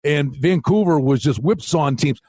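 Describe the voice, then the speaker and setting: A man co-hosting a sports betting podcast in casual chat, an excitable storyteller. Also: a little high, moderate pace, husky, no room sound. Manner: excitable storyteller, animated retellings. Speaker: podcast co-host.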